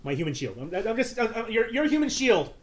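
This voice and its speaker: A man's voice: very high-pitched, very animated, quick pace, pitched above the performer's own voice. A man playing an awkward, self-doubting male team leader who rambles.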